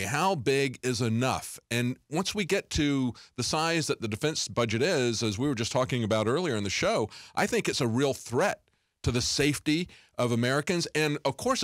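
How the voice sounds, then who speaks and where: A man hosting an interview, asking long, conversational questions with many filler pauses. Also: medium pitch, fairly bright tone, no echo, clean studio sound. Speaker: show host.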